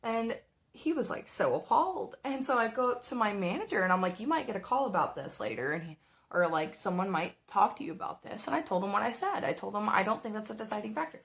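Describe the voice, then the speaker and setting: Fast and a bit creaky, this young woman's mid-range voice carries a casual tale about her restaurant job as she does her makeup. She curses, stays animated, and hams up the voices of whoever she's quoting.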